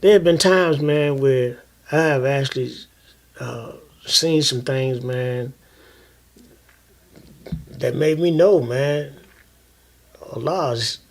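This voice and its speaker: Older man, animated fatherly storyteller. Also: mid-range voice, takes it slowly, pauses often. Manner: animated storyteller, peppers speech with "man" and "you know"; acts out other people's voices in his stories. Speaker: father telling his life story. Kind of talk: casual storytelling conversation.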